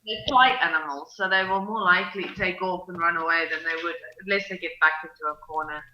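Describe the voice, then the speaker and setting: A woman's voice: fairly low pitch, brisk, bright, forceful tone, roomy sound, muffled recording. A woman guest on a livestream, chatting casually and explaining things in a matter-of-fact way.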